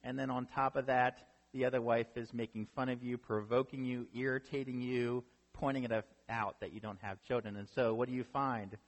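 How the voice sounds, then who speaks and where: A man's voice: medium pitch, level tone, normal speed, few pauses. A man preaching a sermon as a pastor, retelling a story conversationally and often checking in with the listeners. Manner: conversational storytelling, often asks "right?" to the audience. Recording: long reverb of a hall.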